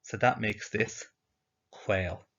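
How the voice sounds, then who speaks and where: Low-voiced male teacher narrating slides on a muffled recording, calm question-and-answer delivery. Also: slow pace. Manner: patient, asks and answers his own questions.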